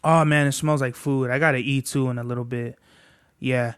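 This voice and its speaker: A man's voice: medium pitch, steady tone, moderate pace, clear, resonant tone. A young man hosting a casual solo podcast, rambling and swearing, dropping slang like "bruh" between every thought. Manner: soft, cooing baby talk to his dog. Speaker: podcast host.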